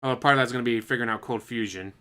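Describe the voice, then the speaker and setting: A man's voice: medium pitch, rapid-fire, pushed and bright, clean tone. Man musing casually on a stream. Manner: speculative, musing, chuckling asides. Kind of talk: casual rambling chat.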